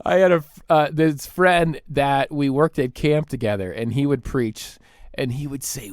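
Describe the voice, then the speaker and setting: A man hosting a podcast, delivering an excitable, rambling comedic rant and laughing often at his own tangents. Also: mid-range voice, normal speed, dry recording, studio quality. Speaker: podcast host.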